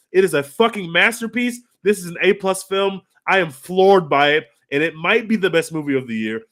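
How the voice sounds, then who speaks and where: Excitable high-voiced man gushing. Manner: excitable, gushing, swears freely. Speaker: podcast co-host. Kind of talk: casual film review chat.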